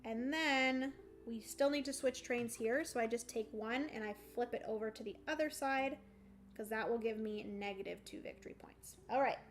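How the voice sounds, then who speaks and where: A woman's voice: fairly high pitch, moderate pace, a little hiss or hum. A woman casually narrating her solo board game playthrough on a livestream, bubbly and playful, talking through each move. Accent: playful put-on country twang.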